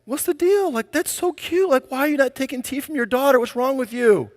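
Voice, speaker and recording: A man voicing an exasperated father who is indignant and fussy, in a high-pitched, incredulous outburst. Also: brisk. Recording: long hall reverb.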